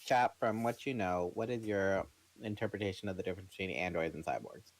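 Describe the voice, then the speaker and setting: A man with a fairly low voice reads a novel aloud in a plain, steady manner. He switches easily into relaxed chat with a co-host between chapters. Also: a little fast, slight background noise, rough recording. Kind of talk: reading a book aloud, then casual chat.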